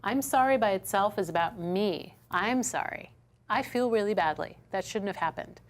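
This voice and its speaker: Her voice is mid-range and expressive, moving at a moderate pace, as this woman instructor runs a workshop lesson for a small studio-classroom audience. She performs customer dialogues mid-lesson and frequently tosses in "right?".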